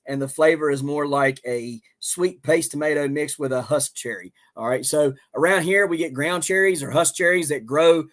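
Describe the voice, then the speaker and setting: This Southern-accented man runs a homestead livestream, his voice on the high side and a bit bright. He talks at normal speed with few pauses, rambling in a folksy, casual manner full of fillers.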